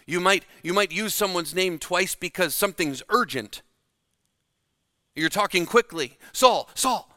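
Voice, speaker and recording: Slow, dramatic male preacher. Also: high voice, dry recording, clean studio sound. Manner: slow and dramatic, dropping to a hush for emphasis. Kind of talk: sermon.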